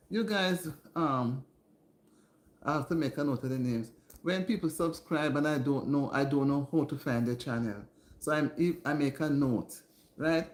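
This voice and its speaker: A woman hosting a casual home livestream, chatting warmly and greeting her viewers by name. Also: low voice, echoey room. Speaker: livestream host. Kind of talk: casual live-stream chat with viewers. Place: indoors at home.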